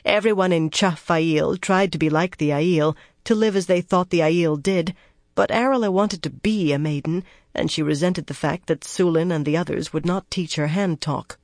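Steady audiobook narrator, dry close sound. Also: mid-range voice, normal speed, no echo. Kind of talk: scripted fantasy narration.

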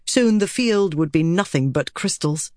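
Audiobook narrator: measured and steady, mid pitch, close, dry studio sound. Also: no echo. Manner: measured and steady, voicing characters. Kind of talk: scripted narration.

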